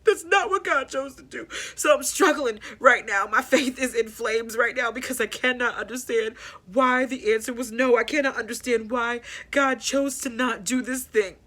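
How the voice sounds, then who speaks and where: A woman hosting a personal grief podcast, talking candidly and haltingly, repeating herself as she works through her thoughts. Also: a little high, a bit bright. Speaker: podcast host.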